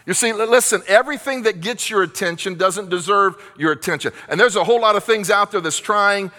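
A man's voice: high voice, a little fast, sharp tone, long reverb tail. A man preaching a sermon as pastor, earnest and repetitive, asking rhetorical questions.

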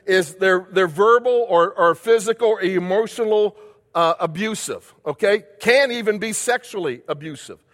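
A man with a high voice preaches a sermon, leaning on repetition and rhetorical questions. His voice carries a long reverb, as if in a large hall. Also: fairly bright tone. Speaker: pastor.

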